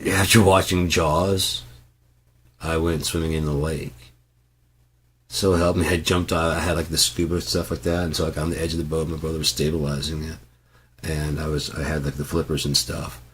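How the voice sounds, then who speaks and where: A man from Michigan telling rambling, profane stories in a casual, animated way. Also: rumbling low, normal speed, a little hiss or hum. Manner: profane, animated, bursts into loud yells. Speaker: channel host.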